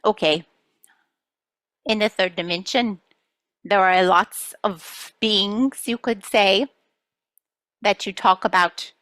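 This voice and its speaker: A woman's voice: mid-range voice, a bit bright, no room sound. A woman channeling spirit guides for a group, speaking as "we" in a playful storytelling manner.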